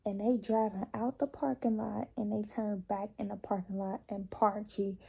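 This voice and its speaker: A young woman telling a profane, animated storytime to her viewers in a casual vlog. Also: medium pitch, normal speed, gravelly, slightly rough. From Chicago area. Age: young adult. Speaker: vlogger.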